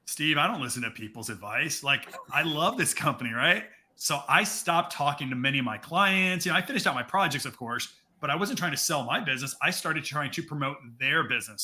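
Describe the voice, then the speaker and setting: A man's voice: on the high side, pushed and bright. A man co-hosting a podcast, telling a personal business story in a casual, conversational way, often restarting his sentences. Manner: conversational, with many restarts and asides. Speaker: podcast co-host.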